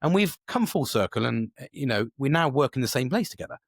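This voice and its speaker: A man's voice: medium pitch, lively intonation, quick pace, breathy edge, dry recording, studio quality. A man, a podcast host talking alone in a casual, rambling way with lots of swearing and restarts. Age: 40s. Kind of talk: casual solo monologue.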